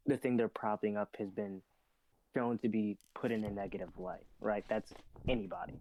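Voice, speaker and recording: Low mellow-voiced man weighing his points. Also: creaky, slight background noise, poor audio. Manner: measured, hedging, lays out points step by step. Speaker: podcast co-host. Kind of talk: casual group discussion.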